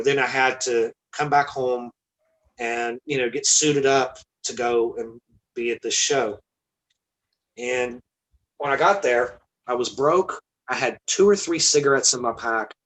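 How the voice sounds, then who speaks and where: A man's voice: medium pitch, measured pace, fairly bright tone, rough recording. A man, a guest musician, telling a story in casual chat, candid and swearing freely.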